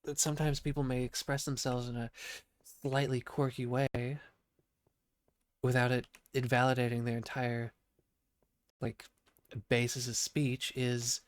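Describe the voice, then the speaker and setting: Croaky sick man rambling, dry sound. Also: mid-range voice, little pitch movement, moderate pace, long pauses, dry recording. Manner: rambling, profane, self-interrupting. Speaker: podcast host. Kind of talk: rambling casual monologue.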